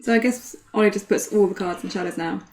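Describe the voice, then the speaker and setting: A woman's voice: medium pitch, fast talker. A British woman co-commentating a card game match in casual chat, teasing and laughing often. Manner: giggly, teasing, animated.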